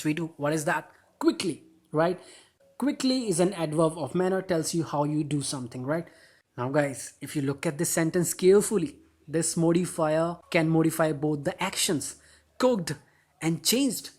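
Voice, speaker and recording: A man's voice: fairly high pitch, darkish tone. Upbeat male English grammar teacher. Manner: upbeat, addresses viewers as guys, asks rhetorical questions; slows down and stresses words when reading example sentences. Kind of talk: grammar lesson.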